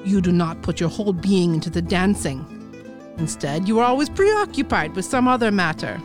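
A woman voicing a gruff, strict male dance teacher with a mixed, put-on European accent, reading from a book on a podcast. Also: fairly low pitch, animated, moderate pace, faint music behind, lightly acted.

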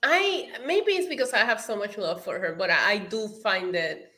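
A woman who speaks English as a second language co-hosts a casual chat. Her voice is bright and sits at a middle pitch. She states her opinions earnestly and with emphasis. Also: animated, moderate pace. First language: not English. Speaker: podcast co-host.

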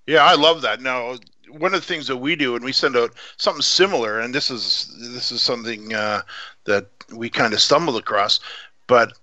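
Bright-voiced male radio host. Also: mid-range voice, moderate pace, dry recording. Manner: enthusiastic, conversational. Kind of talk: casual interview talk. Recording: dry, lo-fi sound.

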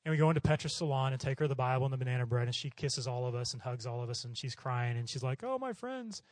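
Fast-talking animated male preacher. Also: medium pitch, no echo. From Oklahoma. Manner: animated, acts out voices in his stories. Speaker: missionary preacher. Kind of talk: storytelling sermon.

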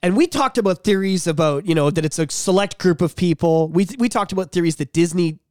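A man hosting a casual podcast chat, excitable and swearing often, acting out scenes in voices. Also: high-pitched, a little fast, dry recording, studio quality. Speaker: podcast host.

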